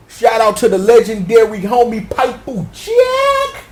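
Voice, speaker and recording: A man giving a comedic, slangy episode recap, joking and animated as he tells the story. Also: extremely high pitch, measured pace, few pauses. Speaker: show recap commentator.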